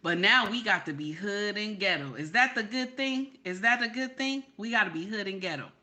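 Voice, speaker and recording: A woman's voice: mid-range voice, animated, moderate pace, sharp tone. A woman hosting a live reaction commentary, talking straight to her chat and hammering points with repeated "okay?". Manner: emphatic, repeats "okay?" to drive points home; talks to her chat directly. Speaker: commentary host.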